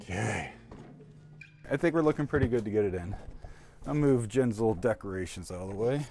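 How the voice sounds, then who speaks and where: A man's voice: on the low side, animated, brisk, long pauses, dark tone. A man vlogging from inside his RV, talking casually to himself and his viewers while he works, grumbling and folksy, into a handheld mic. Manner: folksy and informal. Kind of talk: casual vlog talk.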